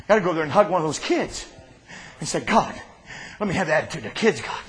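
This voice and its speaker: A man preaching an impassioned sermon in a church, with fervent, drawn-out delivery and answers from the congregation. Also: on the high side, very animated, low-quality recording. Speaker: pastor.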